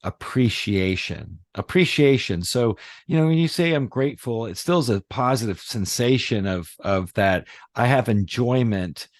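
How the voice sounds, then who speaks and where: A middle-aged man talking casually on a podcast as host, rambling and animated, with many fillers and restarts. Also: medium pitch, moderate pace, few pauses, no room sound, clean studio sound. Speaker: podcast host, reality surfing teacher.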